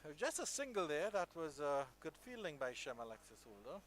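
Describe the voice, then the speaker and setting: A male cricket commentator calls the play live with a bright, forceful tone and a voice pitched a touch high. He stays measured between deliveries. When a big shot lands he breaks into loud, excited calls.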